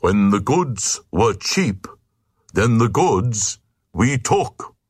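Man doing a pompous old-school knight, slow solemn rulings, husky low voice. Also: very animated, no echo, studio quality, full character voice. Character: pompous old knight reading law from his book.

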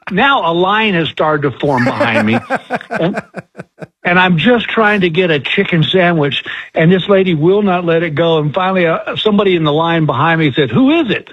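A man's voice: fairly high pitch, normal speed, fairly bright tone, husky, muffled recording. A man, a guest comedian, telling folksy, self-deprecating stories in a radio interview.

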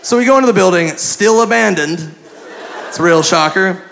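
A man telling a crude, self-mocking story as a stand-up comedian, animated and loose, recorded live in a comedy club. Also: high voice, moderate pace, creaky, a little hiss or hum.

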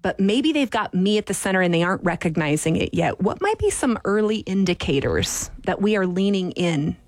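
A woman's voice: mid-range voice, expressive, fairly quick, a little mellow. A woman interviewing a guest, affirming him and summing up his points in a casual chat.

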